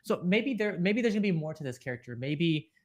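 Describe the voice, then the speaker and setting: Rambling excited man on a podcast. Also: on the high side, a little fast. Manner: rambling, excited, lots of fillers and coughs. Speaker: podcast co-host. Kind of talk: casual reaction discussion.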